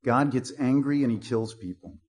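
Blunt husky-voiced male preacher. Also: medium pitch, normal speed, a little mellow. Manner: blunt, punchy preaching with mocking asides. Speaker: pastor. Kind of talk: sermon.

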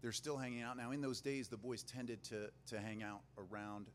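A man's voice: medium pitch, fairly even intonation, normal speed, slight background noise. A man preaching a sermon in a casual, joking way, retelling a Bible story. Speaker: pastor.

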